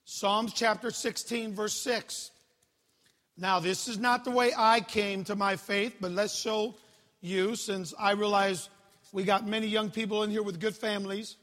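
Man preaching, high voice, joking, echoing church hall, middle-aged youth pastor. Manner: animated, joking storyteller. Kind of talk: sermon. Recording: long hall reverb.

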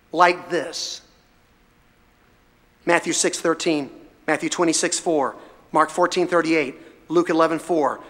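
A man's voice: a little high, bright, forceful tone. A man preaching a sermon to a congregation, fervent and emphatic, his voice rising in bursts as he presses his points. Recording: reverberant hall sound.

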